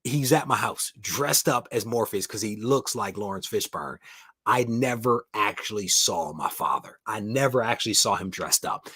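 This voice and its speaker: Man, live stream host, casual upbeat chat, greets viewers by name, mid pitch, dry close sound. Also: slightly rough, dry recording.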